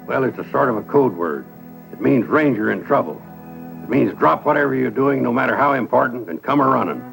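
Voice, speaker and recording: An older actor playing a folksy, gallant retired Texas Ranger in a 1970 western film, with a drawling manner. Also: male voice, medium pitch, expressive, fairly quick, gravelly, a bit bright, soft background music, rough recording. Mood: tender.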